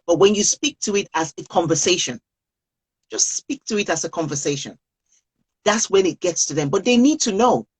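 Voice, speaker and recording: A woman's voice: lowish voice, lively intonation, normal speed, husky, rough recording. A woman coaching parents on a live video call, speaking earnestly and repeating key phrases for emphasis.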